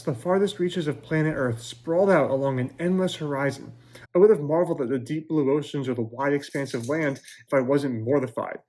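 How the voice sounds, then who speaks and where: A male author reading his novel aloud in measured first-person narration at a library event. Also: fairly high pitch, a little mellow.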